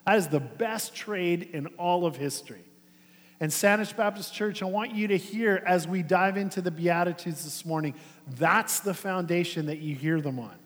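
A man with a high voice preaches a sermon, talking to his congregation in a lively, conversational way. He slows and quiets down to press key points home. His voice rings with the long reverb of a church sanctuary. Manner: animated preaching with a conversational tone, dropping soft and slow for emphasis. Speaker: pastor.

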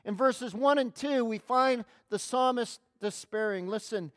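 A woman's voice: on the high side, measured pace, few pauses. A woman preaching a sermon to a congregation, emphatic, stretching key words and often restarting her phrases. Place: in front of a congregation.

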